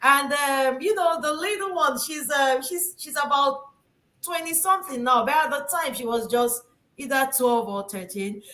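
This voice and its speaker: Female host from Nigeria, casual storytelling, high bright voice, expressive, roomy sound. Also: moderate pace. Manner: animated, expressive storytelling with frequent restarts. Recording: echoey room.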